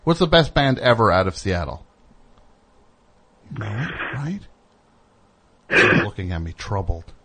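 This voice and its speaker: A man's voice: lowish voice, very animated, unhurried, pauses often, noisy background. A middle-aged man hosting a radio show in a studio, chatting casually with an opinionated, teasing, rambling manner. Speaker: host.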